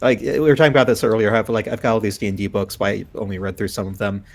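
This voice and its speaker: A man chatting casually as a tabletop player, rambling and animated with many restarts. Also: on the low side, racing. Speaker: tabletop player, content creator. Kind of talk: casual chat around a game.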